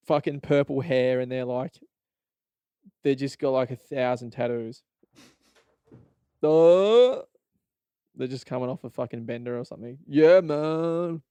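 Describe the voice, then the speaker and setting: A man's voice: mid-range voice, clear, resonant tone, dry recording. Rambling, profane Australian man. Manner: profane, rambling, animated, laughs often. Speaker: podcast host. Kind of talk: casual solo podcast rant.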